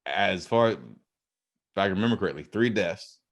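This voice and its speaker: Rambling Southern-accented podcast host. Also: male voice, sits low, normal speed. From American South. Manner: rambling, restarts often, laughs easily. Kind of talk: casual podcast chat.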